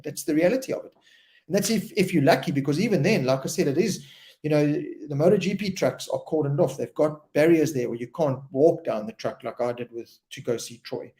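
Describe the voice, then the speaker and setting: A man's voice: a little high, brisk. Chatty man hosting a live stream. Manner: chatty, repeats words, animated storytelling. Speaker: host. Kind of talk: casual live-stream chat.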